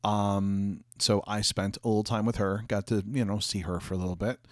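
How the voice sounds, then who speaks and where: A man's voice: lowish voice, fairly even intonation, moderate pace, no room sound, clean studio sound. A young adult man chatting casually with viewers on a livestream from his office, rambling with lots of fillers and restarts, coughing and hiccuping.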